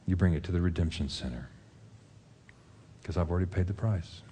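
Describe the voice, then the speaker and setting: Low, dark-voiced man preaching a sermon. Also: fairly quick, a little hiss or hum. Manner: earnest storytelling, retelling a film scene with quoted lines. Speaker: pastor.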